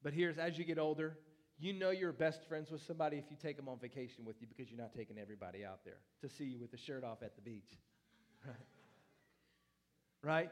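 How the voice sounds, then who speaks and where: Animated preaching man, slightly high voice. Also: a little fast. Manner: animated, playful preaching with lively swings in loudness. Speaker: pastor. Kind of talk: sermon. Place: church.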